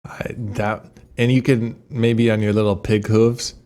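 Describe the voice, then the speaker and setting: A man's voice: lowish voice, flat delivery, measured pace, mellow. A man co-hosting a podcast in casual chat, riffing playfully on the jokes and laughing a lot. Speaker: podcast co-host.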